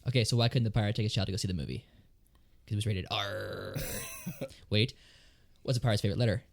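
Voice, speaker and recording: A man's voice: on the low side, fairly even intonation, quick pace, creaky. A man, a band's guitarist, chatting casually and telling cheesy jokes in a playful storyteller's way. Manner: playful storyteller, puts on pirate voices in jokes. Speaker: band guitarist.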